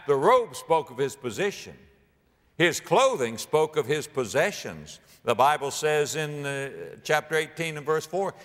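Animated preacher in a reverberant hall. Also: male voice, a little high. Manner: dramatic, rising to near-shouts at climaxes; animated, acts out biblical speakers. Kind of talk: sermon.

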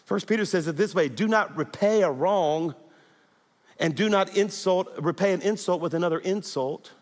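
Urging on his congregation, a middle-aged male pastor preaches with animation in a high voice at normal speed. The long reverb of the large church hall rings around his words.

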